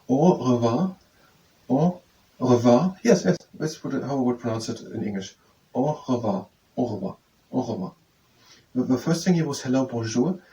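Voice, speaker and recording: A man working through a French phrase book aloud, halting and thinking out loud as he slowly repeats each phrase several times. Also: mid-range voice. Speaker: language learner teaching himself. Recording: distant mic with faint room noise.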